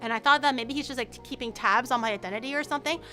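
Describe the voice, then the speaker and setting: A woman's voice: sits high, very fast, bright, forceful tone, faint music behind. A woman streamer telling a story in casual chat, rambling and stammering, with some swearing.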